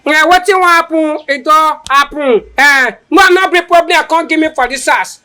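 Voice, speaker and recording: A woman's voice: high-pitched, normal speed, bright, forceful tone. A Nigerian woman playing a grieving widowed parent, wearily pleading with the children in Pidgin. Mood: weary. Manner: weary, pleading.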